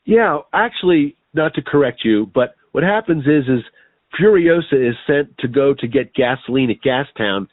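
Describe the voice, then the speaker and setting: A man co-hosting a casual movie review chat, asking his partner measured, interviewer-style questions. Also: mid-range voice, lively intonation, no echo. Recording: tinny phone-like line, dry.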